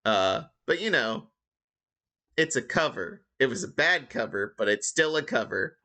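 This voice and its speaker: A man's voice: medium pitch, sing-song, measured pace, sharp tone. A man running a tabletop game as dungeon master, rambling and joking with lots of fillers. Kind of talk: casual game-master narration.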